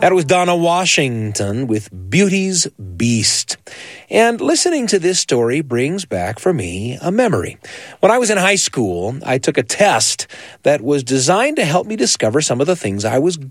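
A man's voice: a little high, sing-song, moderate pace, dry recording, faint music behind. A man hosting a storytelling program, recalling a personal memory in a reflective, conversational way. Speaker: host. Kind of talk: reflective radio-style narration.

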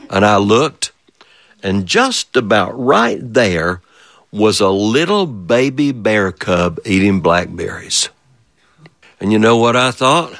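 A man storyteller telling a childhood story in an animated way, repeating phrases and turning to his listeners with playful questions. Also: fairly low pitch, no echo. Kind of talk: oral storytelling of a childhood memory.

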